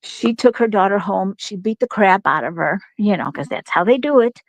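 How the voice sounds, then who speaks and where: A woman's voice: medium pitch, animated, normal speed, no room sound, rough recording. A middle-aged woman telling a long, rambling story in casual chat, laughing often and restarting her sentences.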